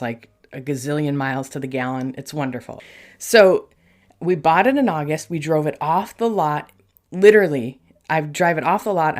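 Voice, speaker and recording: A middle-aged woman hosting a Christian podcast, talking in an earnest, chatty and animated way and speaking straight to her listeners. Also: low voice. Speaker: podcast host and Christian life coach. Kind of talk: casual faith-based podcast monologue.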